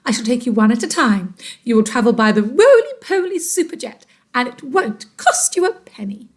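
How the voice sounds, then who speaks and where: A woman's voice: a little high, expressive, moderate pace, lightly acted. A woman voicing a kindly, cheerful bird in a storybook, talking reassuringly.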